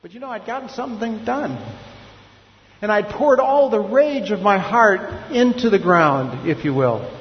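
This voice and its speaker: High-voiced male pastor in reverberant hall. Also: expressive, measured pace, a little hiss or hum. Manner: reflective, confessional, rhetorical questions. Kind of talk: sermon. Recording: dull lo-fi sound with long hall reverb.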